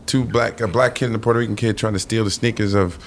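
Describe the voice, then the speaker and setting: A man with a low voice spins an animated, profane story during a podcast conversation, slipping into characters as he goes. A faint hiss of room noise sits behind him. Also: quick pace. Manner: vivid, profane, acts out the characters. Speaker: guest, actor.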